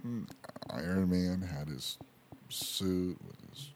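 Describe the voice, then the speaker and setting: A man's voice: low voice, slow, darkish tone, a little hiss or hum. A man co-hosting a podcast in casual chat, opinionated and ranting, swearing freely. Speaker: podcast co-host.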